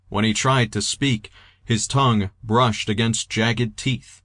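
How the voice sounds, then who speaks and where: A man reading a novel aloud in a steady, even audiobook narration. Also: mid-range voice, slow, no echo, studio quality. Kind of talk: scripted narration.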